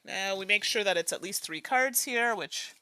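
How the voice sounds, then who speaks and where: A woman's voice: mid-range voice, lively intonation, moderate pace, bright, forceful tone, no echo. A woman hosting a solo board game playthrough. She talks through each move in a chatty, musing way, humming and laughing between moves. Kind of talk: casual think-aloud playthrough.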